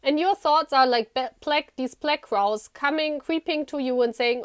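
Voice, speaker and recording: A fairly high-voiced woman reads tarot cards in a loose, chatty way. She laughs often and keeps reassuring the listener. The sound is dry and close, with no room echo. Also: a little slow, clean tone. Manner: talks directly to the viewer, repeating "you know". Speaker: tarot reader. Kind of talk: casual tarot reading to camera.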